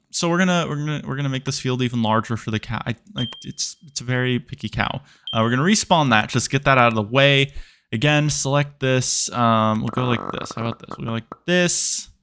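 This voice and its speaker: A man's voice: medium pitch, a bit bright. Chatty young man commentating gameplay. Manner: chatty, playfully exasperated, talks to the game animals. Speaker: gaming YouTuber.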